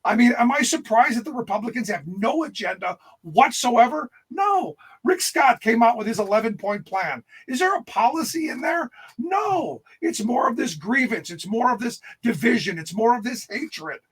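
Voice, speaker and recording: A man talking politics as a guest, blunt and emphatic, sometimes pushing almost to a shout. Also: very high voice, animated, normal speed, few pauses, husky. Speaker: guest, political radio host. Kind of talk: political discussion.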